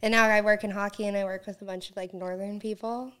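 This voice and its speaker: A woman's voice: mid-range voice, flat delivery, quick pace, a bit bright, smooth. A young woman with a Southern Californian accent, chatting as a guest on a podcast and laughing often. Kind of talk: casual chat.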